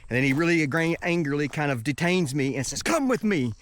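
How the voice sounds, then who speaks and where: A man's voice: on the high side, fast, a bit bright, a little hiss or hum. A man telling a travel story in a casual, rambling way, with many restarts. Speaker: travel vlogger.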